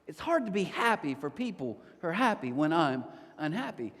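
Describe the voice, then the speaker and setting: A man preaching a sermon as a pastor, telling a story casually with lively asides. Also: on the high side, a little fast. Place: church auditorium. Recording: long hall reverb of a church auditorium.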